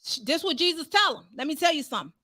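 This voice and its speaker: High, bright-voiced woman preaching fervently. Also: big pitch swings, fast, no room sound. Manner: fervent, rising to shouts, calls out to the congregation. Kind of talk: sermon.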